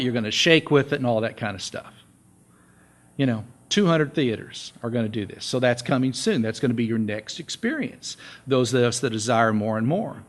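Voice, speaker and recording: A male pastor giving a relaxed, conversational sermon, joking with his congregation and repeating his key points. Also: mid-range voice. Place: church sanctuary.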